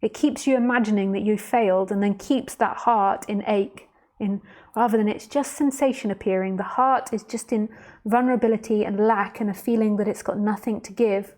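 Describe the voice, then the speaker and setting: Soft, slow-spoken woman teacher. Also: mid-range voice, fairly even intonation. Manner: slow, soft and reflective, addressing the listener directly; reads out viewer comments as she goes. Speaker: spiritual teacher. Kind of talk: live-streamed talk answering viewer comments.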